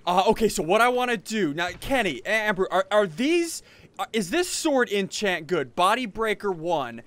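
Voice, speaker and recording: A young man giving excited gameplay commentary, laughing often and repeating himself. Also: high voice, moderate pace, dry recording. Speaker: gaming YouTuber.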